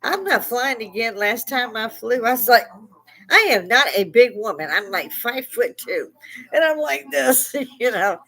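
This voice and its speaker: A woman's voice: a little high, very animated, normal speed, a bit bright, low-quality recording. An older woman from Chicago hosting a live stream, telling casual stories with frequent laughter and plenty of swearing. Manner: salty, laughs often, swears freely. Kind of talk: casual storytelling chat.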